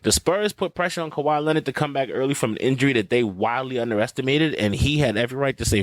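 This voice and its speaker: A man's voice: mid-range voice, expressive, quick pace, dry recording, poor audio. A man hosting a podcast, ranting bluntly and profanely in casual sports talk. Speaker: podcast host.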